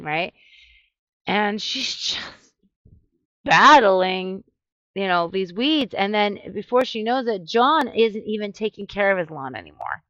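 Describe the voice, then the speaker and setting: A woman vlogger telling a story in a chatty, animated way, full of casual fillers. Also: medium pitch, unhurried, dry recording, muffled recording. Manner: chatty, animated, many "you know" fillers. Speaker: vlogger giving relationship advice.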